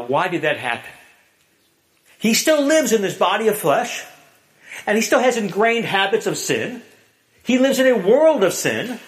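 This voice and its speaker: A man preaching a sermon, telling a story with dramatic drops to a hush. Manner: storytelling, dramatic swings from booming to hushed.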